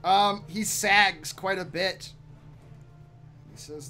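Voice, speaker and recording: A man's voice: high-pitched, very slow, long pauses, pushed and bright, faint music behind. A man running a tabletop game online as game master, loose and chuckling, with many ums.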